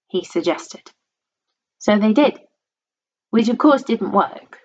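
A woman reading a children's storybook aloud in a playful, expressive way. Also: mid-range voice, takes it slowly, pauses often. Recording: dull lo-fi recording.

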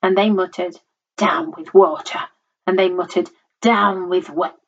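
A woman's voice: lowish voice, flat delivery, normal speed. A woman doing mean grim tyrannosauruses chanting. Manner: chanting, then muttering. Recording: dull lo-fi recording.

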